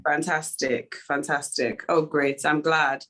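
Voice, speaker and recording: A woman's voice: sits low, level tone, takes it slowly, fairly bright tone. A woman giving a talk over a video call, conversational in manner. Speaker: guest speaker.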